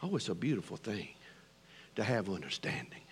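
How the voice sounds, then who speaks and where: A middle-aged man with a Southern American accent preaching a sermon, swinging between loud declarations and hushed near-whispers. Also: fairly low pitch, sing-song, moderate pace, breathy edge. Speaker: pastor.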